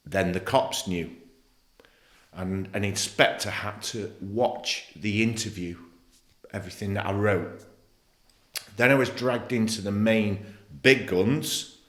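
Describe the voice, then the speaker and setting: Man from England, middle-aged, low voice, blunt, emotional, swearing, roomy echo. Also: unhurried, pauses often, fairly bright tone. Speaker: podcast guest, former footballer. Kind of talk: candid personal storytelling. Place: podcast studio.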